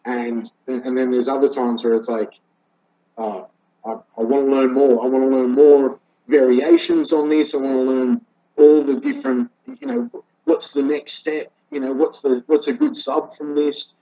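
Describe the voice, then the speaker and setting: A man chatting casually on a podcast in a relaxed, laid-back way. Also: medium pitch, normal speed, highs cut off.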